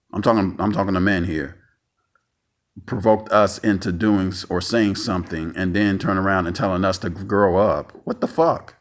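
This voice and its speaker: A man ranting angrily in a vlog monologue, profane and stammering, repeating himself and sounding emotionally tired. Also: sits low.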